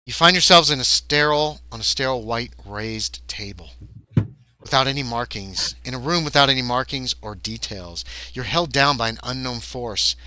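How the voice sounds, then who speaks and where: A man running a tabletop horror game as game master, narrating in an animated way with some filler restarts. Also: medium pitch, moderate pace, clean tone, no echo.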